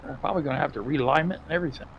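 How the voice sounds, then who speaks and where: Older man, gravelly voice, relaxed short replies, faint background hiss. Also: a little high, very fast, lo-fi sound. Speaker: co-player. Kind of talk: casual gameplay chat.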